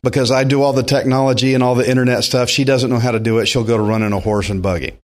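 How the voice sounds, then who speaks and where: A man's voice: mid-range voice, fairly even intonation, fast. Earnest man preaching a verse-by-verse sermon. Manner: earnest, emphatic, with frequent restarts. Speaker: pastor.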